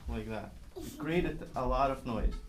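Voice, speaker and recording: A man's voice: mid-range voice, measured pace. A man teaching a child violin one-on-one, patiently explaining and singing the bowing rhythms aloud. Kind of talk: one-on-one music lesson. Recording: echoey room with faint noise.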